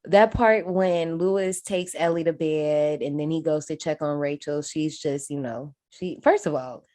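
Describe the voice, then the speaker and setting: A woman's voice: low voice, measured pace, mellow. A woman casually recapping a horror movie on a podcast, swearing freely and acting out the characters' lines. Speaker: podcast co-host.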